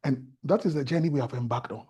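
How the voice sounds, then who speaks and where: A man's voice: mid-range voice, quick pace, warm tone, breathy edge. A man with a Ghanaian accent, a guest on a talk show, telling stories and preaching about faith in an earnest, sermon-like way.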